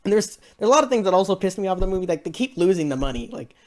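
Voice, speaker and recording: A woman's voice: medium pitch, lively intonation, very fast, darkish tone. A woman giving a casual spoken movie review, rambling and exasperated, laughing often between her points.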